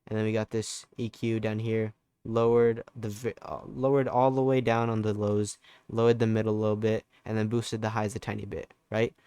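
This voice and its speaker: A man's voice: fairly low pitch, flat delivery, normal speed, dark tone, clean tone, no echo. A young man giving a casual, laid-back music production tutorial, loose and full of fillers and restarts. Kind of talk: casual screen-recorded tutorial.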